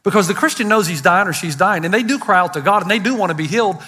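An older man, a pastor, preaching a sermon to a congregation, telling stories and driving his points home with loud emphatic lines and quiet asides. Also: high-pitched, fast, husky. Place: church auditorium. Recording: live sermon in a large hall with long reverb.

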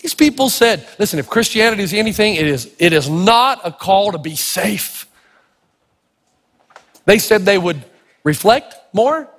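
A man from Tennessee preaching a sermon, telling folksy, humorous stories in an animated way. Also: high-pitched, unhurried. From Tennessee, United States. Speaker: pastor. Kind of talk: sermon with storytelling. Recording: echoey hall.

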